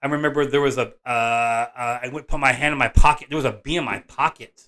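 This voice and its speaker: A man, a father and vlog host, telling a personal story in an animated, rambling way, often restarting and correcting himself. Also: mid-range voice, quick pace. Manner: excitable, rambling, frequent restarts and self-corrections.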